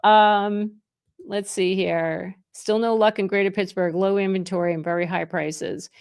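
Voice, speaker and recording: A middle-aged woman from New Jersey, a real estate agent chatting casually on a live stream, reading viewer comments and greeting people by name with excited bursts. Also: mid-range voice, a little slow, smooth, no echo, clean studio sound.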